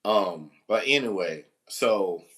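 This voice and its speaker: Bright-voiced man telling a rambling story. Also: fairly low pitch, expressive, takes it slowly. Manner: rambling, exasperated and joking, with mild cursing. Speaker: substitute teacher. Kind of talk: casual storytelling to camera.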